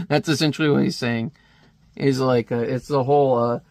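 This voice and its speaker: A man's voice: medium pitch, steady tone, a little slow, pauses often, darkish tone, no room sound. A man casually talking through a comic in a rambling review, chuckling at the panels.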